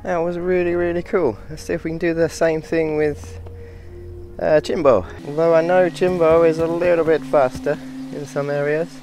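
A man commenting casually on his own gameplay, calm one moment and whooping with excitement the next. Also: on the high side, moderate pace. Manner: excitable, with sudden whoops and exclamations between calm remarks. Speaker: gaming video host. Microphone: personal mic. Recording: game music playing behind.

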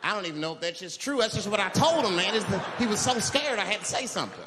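A man doing a stand-up comedy routine, telling a story and shouting out the people in it. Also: high-pitched, fast, background noise. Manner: animated storytelling with shouted voices. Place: comedy club stage. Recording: echoey club with crowd laughter.

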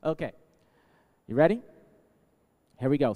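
A man, a musician, warming up a crowd with call-and-response chants, energetic and playful as he hypes them up. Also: mid-range voice, normal speed, pauses often, soft background music. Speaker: musician leading the audience. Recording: long hall reverb.

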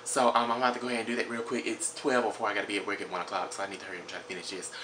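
A young man with a drawl talks to his handheld camera at home in a quick, bright, rather low voice. He rambles loosely, full of ums and false starts. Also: flat delivery, a little hiss or hum. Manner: rambling, many ums and restarts. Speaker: vlogger. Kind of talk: casual chat to camera. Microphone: handheld phone or camera at arm's length.

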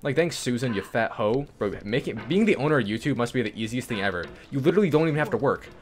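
A young man giving casual gameplay commentary, swearing and swinging between yelling and low mumbling. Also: lively intonation, fast, slight background noise. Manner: swears and insults the game. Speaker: gaming YouTuber.

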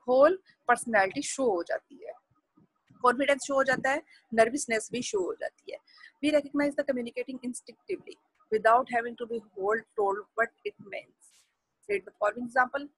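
A woman with an Indian accent teaching a lecture-style lesson, speaking haltingly with restarts and switching between English and Hindi. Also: sits high, gravelly, a bit bright, no echo, rough recording. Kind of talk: classroom lecture.

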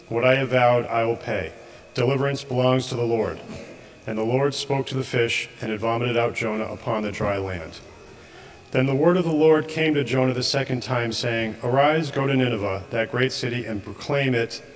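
Man reading scripture in church. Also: medium pitch. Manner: steady measured reading with occasional slips. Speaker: scripture reader. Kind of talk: liturgical reading.

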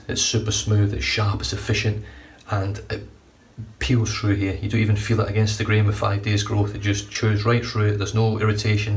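A man's voice: lowish voice, a little mellow. A man casually reviewing shaving products, chatty and enthusiastic, a little rambling. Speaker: shaving vlogger. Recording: distant mic, faint room noise.

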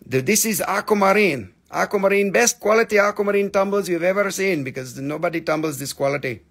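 A man running a live sales stream, joking, swearing and excitable, while he is losing his voice. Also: high-pitched, fairly quick, creaky, hardly any pauses.

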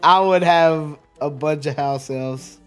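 Chatty higher-voiced man gaming. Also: slow, smooth. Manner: rambling, chatty, laughs often, trips over words. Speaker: let's play streamer. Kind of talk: casual gameplay commentary. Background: faint game music.

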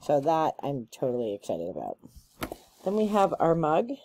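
Low-voiced woman gushing over an unboxing. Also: normal speed, background noise. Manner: gushing, excitable, lots of ums and likes. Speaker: unboxing vlogger. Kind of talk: casual unboxing chat.

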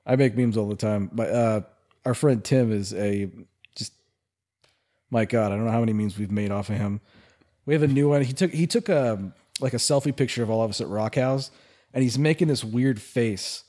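A man's voice: fairly low pitch, normal speed, dark tone. A young man from California co-hosting a podcast, chatting casually, rambling through stories and laughing often. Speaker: podcast co-host. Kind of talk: casual chat.

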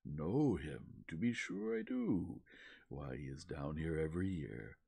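A man in a soft-spoken ASMR reading, voicing a hearty, jovial older country gentleman in a bluff, booming manner. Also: sing-song, a little slow, gravelly, breathy edge, heavily acted.

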